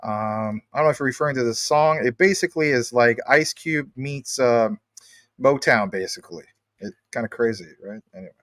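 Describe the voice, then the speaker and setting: A man's voice: mid-range voice, a little fast, a bit bright, no room sound, studio quality. A man hosting a casual livestream, upbeat as he reads viewer comments aloud. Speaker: livestream host.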